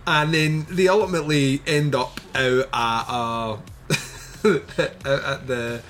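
A man's voice: medium pitch, fairly even intonation, slow pace, a bit bright, a little hiss or hum. A man co-hosting a podcast, chatting casually and animatedly about a film, laughing often and swearing freely. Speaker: podcast co-host reviewing a film. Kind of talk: casual chat.

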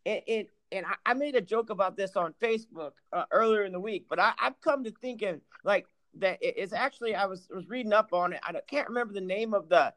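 A man's voice: high voice, fast talker, hardly any pauses, no echo. A man co-hosting a podcast, chatting casually and telling profane stories full of asides. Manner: profane, animated storytelling with asides. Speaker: podcast co-host. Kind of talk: casual chat.

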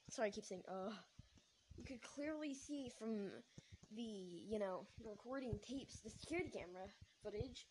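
A woman's voice: medium pitch, background noise. Rambling young woman telling a story. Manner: rambling, many fillers, self-correcting, laughs often. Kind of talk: casual spoken storytelling.

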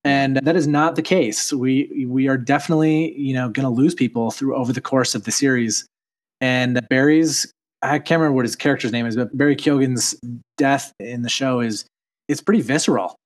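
A man's voice: medium pitch, steady tone, normal speed. A man from Utah chatting casually as a podcast co-host, rambling with fillers and restarts. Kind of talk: casual TV recap chat.

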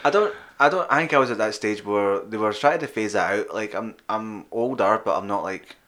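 A man's voice: on the low side, a little fast, a bit bright, a little hiss or hum. A man co-hosting a podcast in crude, rambling, laughing casual chat. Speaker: podcast co-host.

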